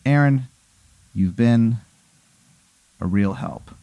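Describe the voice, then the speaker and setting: A man voicing a smoke-faced demon who sits in the back seat and rules the road, speaking slowly and with menace. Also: creaky, dark tone, no room sound. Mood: menacing. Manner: slow, low, menacing.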